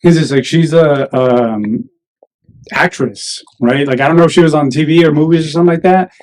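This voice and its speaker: A man's voice: a little high, moderate pace, a little mellow, rough recording. A man chatting casually on a podcast, animatedly telling stories and mimicking voices.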